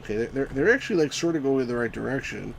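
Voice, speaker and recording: A man streaming a retro game live, commenting excitedly, shouting at the on-screen sheep and greeting chat viewers. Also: medium pitch, rapid-fire, creaky, slight background noise. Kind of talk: live let's-play commentary.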